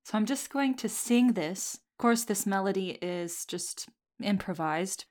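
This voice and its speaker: A woman's voice: mid-range voice, lively intonation, darkish tone. A woman co-hosting a podcast over a video call, chatting playfully, laughing often, and singing an improvised a cappella song. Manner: playful, laughs often, slow unhurried delivery. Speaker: podcast co-host.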